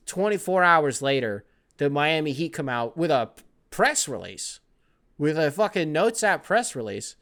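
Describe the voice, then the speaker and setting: Host for a sports podcast: man, smooth clear voice, loose and profane, riffs and jokes. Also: fairly high pitch, sing-song, normal speed, fairly bright tone. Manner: profane, rambling, joking, mocks athletes with put-on voices. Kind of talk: casual sports podcast monologue.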